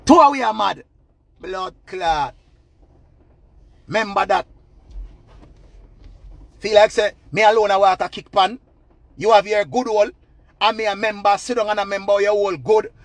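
A man with a Jamaican accent in a loud, profane, repetitive rant giving relationship advice. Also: sits high, steady tone, unhurried, pauses often, no echo. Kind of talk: ranting monologue.

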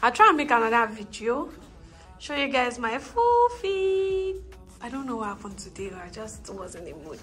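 A woman's voice: fairly high pitch, very animated, normal speed, fairly bright tone. Chatty Nigerian woman vlogging. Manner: chatty, mixes in Nigerian Pidgin phrases. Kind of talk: casual vlog chat to camera.

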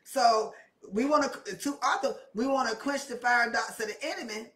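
A woman's voice: fairly high pitch, moderate pace, a bit bright. A woman preaching a sermon with impassioned, repetitive emphasis that rises and presses her points. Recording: echoey room, mic at a distance.

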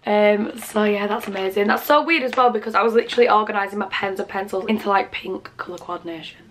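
A young British woman excitedly chatting through her presents in a casual vlog. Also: mid-range voice, quick pace, a little hiss or hum. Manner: gushing, chatty, full of fillers. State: out of breath. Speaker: vlogger. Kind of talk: casual gift haul vlog.

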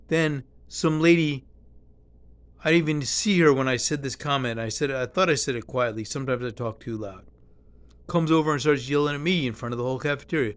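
A man's voice: mid-range voice, fairly quick. A man ranting casually to his phone camera, blunt and profane, losing his thread and picking it back up. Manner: blunt, profane, complaining, drifts off track. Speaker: vlogger in a nursing home.

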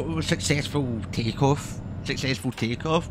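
A man's voice: medium pitch, steady tone, normal speed, background noise. A man giving casual, rambling commentary while playing a driving game, swearing freely as he chats. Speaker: streamer.

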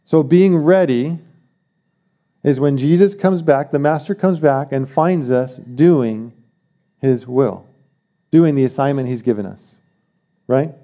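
A man's voice: mid-range voice, slow, pauses often, mellow. A man preaching a sermon as pastor, emphatic, repeating key phrases and asking the congregation questions.

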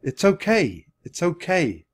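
A man's voice: medium pitch, lively intonation, normal speed, natural voice. A man voicing a cautious, sensible young boy in a storybook, careful and reasoning in his talk. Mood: soothing. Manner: careful, reasoning, urgent when calling.

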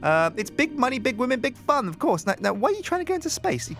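A man hosting a game let's play, chatting in an animated, rambling way and thinking aloud. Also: very high-pitched, quick pace, creaky, faint music behind. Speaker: host.

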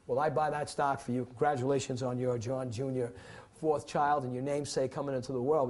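A man's voice: mid-range voice, darkish tone, husky. A man teaching a securities licensing class, lecturing theatrically and acting out client and broker scenes for the students. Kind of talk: classroom lecture with acted scenarios.

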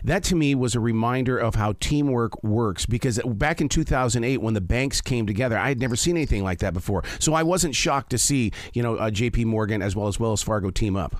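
A man hosting an interview, his voice at a middling pitch. He speaks in a folksy manner, stumbling over repeated words as he restarts, and the recording is close and dry. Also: expressive, fairly quick, hardly any pauses, no echo. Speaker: interview host. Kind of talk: conversational interview.

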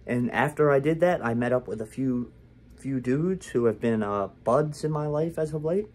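A man's voice: mid-range voice, lively intonation, moderate pace, darkish tone. A young man talking candidly to the camera in a casual vlog, rambling with lots of fillers and restarts. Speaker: vlogger.

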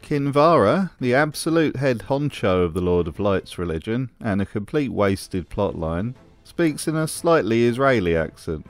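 A man's voice: medium pitch, lively intonation, moderate pace, few pauses, soft background music. A man hosting a scripted commentary video, with a wry, sarcastic manner. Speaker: host.

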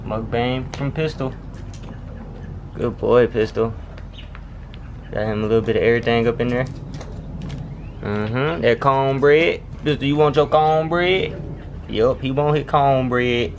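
A man vlogging casually from his home kitchen, chatty and animated as he talks straight to viewers. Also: mid-range voice, unhurried, long pauses, a little hiss or hum.

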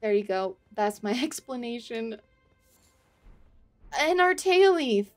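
A woman streaming a video game live, reacting with excitable, panicky commentary, laughing and swearing often. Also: fairly high pitch, slow, faint music behind.

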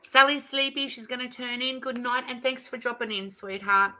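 A woman's voice: a little high, level tone, moderate pace, pushed and bright, a little hiss or hum. A middle-aged Australian woman hosting a casual live stream, chatting and reading viewer comments aloud with frequent laughs. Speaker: livestream host.

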